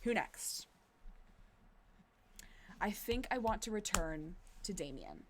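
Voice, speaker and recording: A young woman in her twenties streams a game and chats along in casual commentary. She is giggly and excitable, her voice sitting at a middle pitch. Faint noise hums behind her. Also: takes it slowly.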